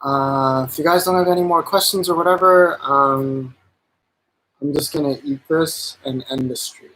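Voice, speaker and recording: A man's voice: a little high, steady tone, normal speed, a bit bright, poor audio. A man casually chatting on a live stream while cooking, rambling with lots of fillers and enthusiastic about the food.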